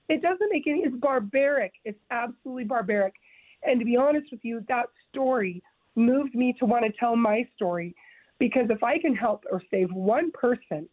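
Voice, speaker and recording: A woman's voice: fairly high pitch, no echo. A woman tells her own story in an interview, earnest and emphatic, often stumbling and restarting as she presses her point. The sound is thin and phone-like. The room around her is dry and close. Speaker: guest sharing her story. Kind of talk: interview, personal testimony.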